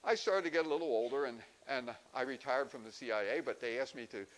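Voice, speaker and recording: A man's voice: medium pitch, fast, lightly acted, poor audio. A man voicing a boastful retired talking dog in a folksy, rambling way.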